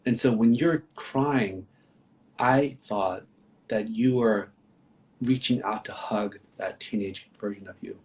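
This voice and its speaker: A man speaking as a psychologist, thoughtful and gentle, explaining ideas over a video call with pauses. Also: lowish voice, rough recording. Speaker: psychologist, trauma therapist. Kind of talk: reflective conversational explaining. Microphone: livestream video call.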